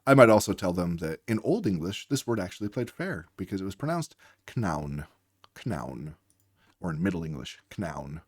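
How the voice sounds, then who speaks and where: Man, reading tutor, deep voice, dry recording, patient explanations. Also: sing-song, fast talker, hardly any pauses, no room sound. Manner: patient, explanatory, acts out teacher and student. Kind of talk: instructional demonstration.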